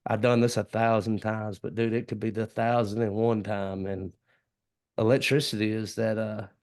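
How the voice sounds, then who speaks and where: A man's voice: lowish voice, level tone, moderate pace, a little mellow. A man with a Southern US accent hosting a casual podcast chat, talking earnestly and easily, with folksy comparisons. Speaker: podcast host.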